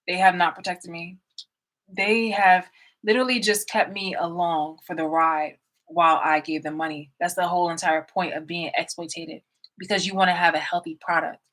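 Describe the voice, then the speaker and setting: Woman, bright voice, casual rambling storytelling, blunt and profane, at home. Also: fairly low pitch, poor audio. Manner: rambling, with many fillers and restarts. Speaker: vlogger. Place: room in her home.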